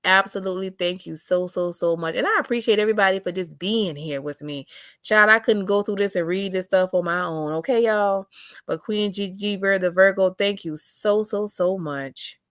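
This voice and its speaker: A sassy young woman reads out chat comments during her livestream, drawling through her asides. Her middle-pitched voice has a fairly bright tone and a normal speed, picked up by a close, dry mic with no echo.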